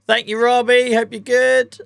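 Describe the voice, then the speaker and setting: A chatty man from the UK with an English regional accent, a bit under the weather, talking on a live stream. His voice is bright and forward, with faint music playing behind him. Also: extremely high pitch, flat delivery, moderate pace, vocal fry, smooth, no room sound. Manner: chatty, laughs often, British slang. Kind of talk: casual live-stream chat.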